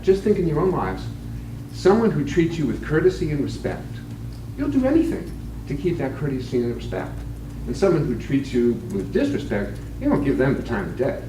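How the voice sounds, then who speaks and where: A man, a physician, giving a conference talk on leadership with a joke, in a relaxed, plain-spoken storytelling way. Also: mid-range voice. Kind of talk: conference lecture with jokes. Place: meeting room with a live audience. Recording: echoey, distant, noisy room recording.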